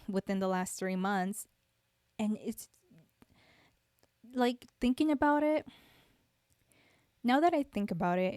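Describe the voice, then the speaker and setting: A young woman talks unhurriedly on her solo podcast, her voice smooth and clear. She rambles and reflects, circling back with fillers and restarts. The sound is dry and close, with no room around it. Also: mid-range voice, no room sound. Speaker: podcast host. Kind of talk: casual solo podcast talk.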